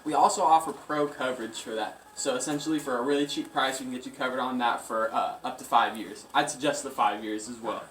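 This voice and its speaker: Man making an eager sales pitch. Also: fairly even intonation, quick pace, few pauses, fairly bright tone, a little hiss or hum. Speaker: store salesperson. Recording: echoey room, mic far off.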